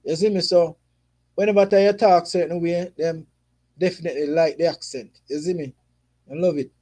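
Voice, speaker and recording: A man's voice: on the high side, fairly even intonation, moderate pace, dark tone. Jamaican man chatting on a livestream. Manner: patois mixed with English, frequent "you see me" tags. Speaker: football streamer. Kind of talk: casual livestream chat reading viewer comments.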